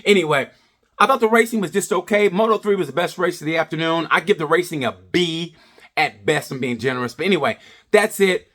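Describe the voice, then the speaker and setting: A man's voice: a little high, brisk, a bit bright. A man ranting casually through a review, swearing a lot and rambling with jokes. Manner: profane, rambling, jokey. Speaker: racing review vlogger.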